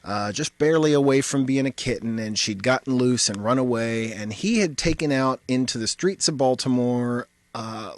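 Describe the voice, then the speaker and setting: A man's voice: medium pitch, dry recording. A man telling a personal story in a wry, conversational manner with vivid detail.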